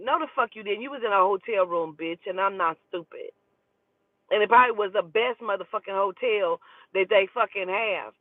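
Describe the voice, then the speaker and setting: A woman who does spiritual readings, telling a story in a casual, profane and animated way. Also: mid-range voice, no echo. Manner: profane, animated, talking to herself aloud. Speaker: spiritual reader. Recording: tinny phone-like dry audio.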